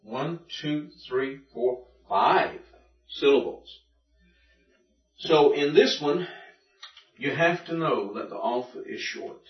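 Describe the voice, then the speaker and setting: This is a classroom Greek lesson where a man in a mid-range voice patiently explains accent rules step by step. The recording is taken from a distance, leaving it dull and echoey.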